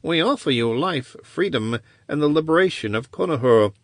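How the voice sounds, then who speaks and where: A man's voice: on the high side, expressive, moderate pace, no echo, voice pushed up. A man reading an audiobook, voicing a cold, scheming male wizard who speaks dryly and bleakly in a raised voice. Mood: persuasive. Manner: dry and clipped.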